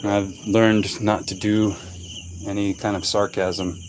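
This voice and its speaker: Slow-talking man vlogging outdoors at night. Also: lowish voice, level tone, background noise. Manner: slow, rambling, self-mocking sarcastic talk. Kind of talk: casual night-time vlog. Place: outdoors at night in a rural yard.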